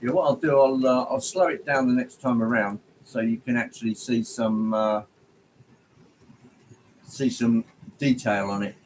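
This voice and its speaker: Relaxed male streamer, friendly and rambling, middle pitch, lots of ums and restarts. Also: measured pace, pauses often, a little hiss or hum, poor audio. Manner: rambling and friendly, greeting viewers by name, many ums. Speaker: livestream host. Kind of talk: casual livestream chat. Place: home hobby room, indoors.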